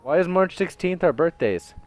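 A young man doing live gameplay commentary, excitable, laughing and yelping, swinging between loud outbursts and mumbles. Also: fairly high pitch, normal speed. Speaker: gaming commentator.

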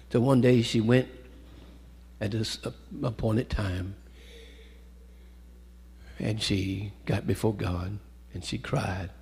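A man preaching a sermon, swinging from loud calls to hushed storytelling and calling out to the congregation, in a church sanctuary. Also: lowish voice, gravelly, slightly rough. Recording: echoey hall with long reverb.

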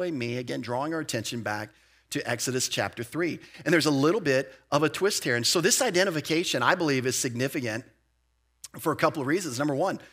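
A man preaching a sermon as pastor, in a lively, conversational way with casual asides. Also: fairly high pitch, slightly rough. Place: church sanctuary.

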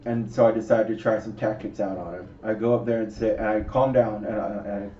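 A man co-hosting a podcast, telling an animated, profane story and acting out what people said. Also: lowish voice, fairly quick, a little hiss or hum. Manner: animated, profane, acts out quotes. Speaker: podcast co-host. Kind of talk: casual storytelling chat. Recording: roomy, distant, dull lo-fi mic.

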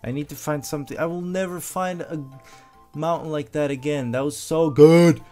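A man doing excitable let's play commentary, yelping when startled. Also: fairly high pitch, moderate pace, soft background music. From Sweden. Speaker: gameplay commentator.

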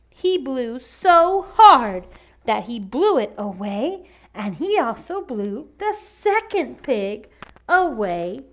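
A woman leading a children's church lesson, reading a storybook in a slow, patient teacher's manner. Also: high-pitched. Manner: slow, patient, sing-song teacher delivery.

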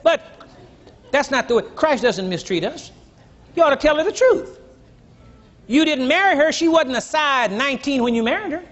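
An older man preaching a sermon to a congregation, teasing and blunt, rising to shouts and dropping low. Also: expressive, normal speed, pauses often. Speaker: pastor. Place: church. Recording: dull lo-fi church recording, faint crowd.

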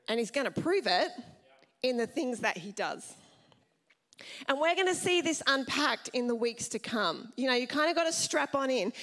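A woman pastor giving a sermon in a lively, chatty way, often asking the congregation questions. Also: high-pitched.

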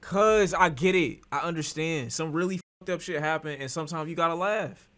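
Bright-voiced man chatting on stream. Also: a little high, brisk. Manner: animated, profane, often breaks into laughter. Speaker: streamer reacting to a clip. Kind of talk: casual reaction chat.

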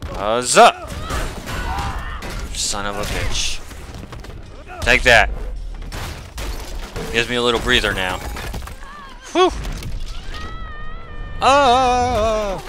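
A man giving casual gameplay commentary, excitable, swearing and shouting at the game as he plays. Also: on the low side, slow pace, long pauses, noisy background. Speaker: video game player. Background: game music.

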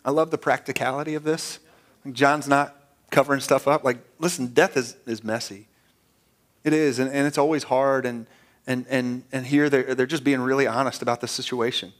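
A man's voice: medium pitch, fairly even intonation, moderate pace. A man preaching a sermon as pastor, earnest and conversational, often repeating words as he restarts.

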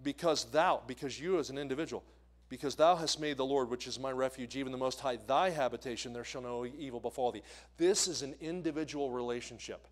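A Northeastern American man, visiting as an evangelist, preaches in a church sanctuary with a mid-range voice and brisk delivery. He tells stories and puts questions to the congregation.

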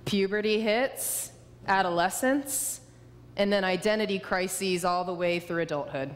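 A woman's voice: mid-range voice, a little slow. Woman, guest preacher, storytelling sermon, echoing sanctuary. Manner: warm storytelling, humorous. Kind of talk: sermon with personal stories. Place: church sanctuary. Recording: reverberant church hall.

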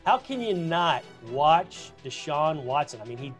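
A man's voice: on the high side, very animated, a little slow, faint music behind. A man, a team insider, chatting on a video call in a gushing, talkative way that he calls being a gabber. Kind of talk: casual chat.

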